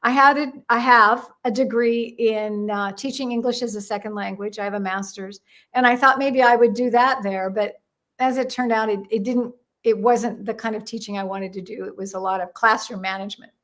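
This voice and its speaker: An older woman, a guest in an interview, telling anecdotes in an animated way and acting out the dialogue she quotes. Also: on the high side, moderate pace. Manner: animated storyteller who acts out quoted dialogue. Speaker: guest numerologist. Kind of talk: casual storytelling interview.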